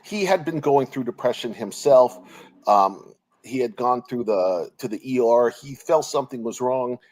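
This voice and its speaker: A man's voice: medium pitch, lively intonation, normal speed, a little mellow, rough recording. A man in his forties, a guest speaking over a remote call, talking earnestly and openly emotional, with many restarts and trailing phrases. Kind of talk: personal interview over a call. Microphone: remote call connection.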